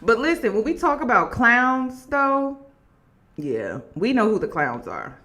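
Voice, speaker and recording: A woman vlogger chatting straight to her audience in a casual commentary. Her fairly high voice rises and falls a lot. She laughs often between remarks. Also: a little slow. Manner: animated, laughing, talks straight to viewers.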